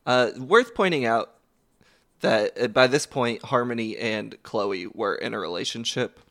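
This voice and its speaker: Gravelly-voiced Southern man chatting films. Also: mid-range voice, a little slow. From American South. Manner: loose and animated, swears casually, many fillers. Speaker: podcast co-host. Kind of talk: casual film podcast chat.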